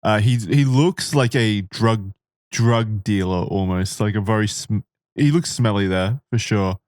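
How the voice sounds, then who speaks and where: A man's voice: lowish voice, unhurried, a little mellow, dry recording, clean studio sound. A man co-hosting a podcast in casual chat, hesitant and often restarting. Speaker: podcast co-host.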